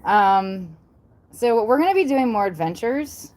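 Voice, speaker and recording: This Southern-accented YouTuber talks a little slowly in an expressive, darkish mid-range voice during a casual livestream. Her delivery is rambling and repetitive, full of ums, blunt remarks, and occasional mild swearing.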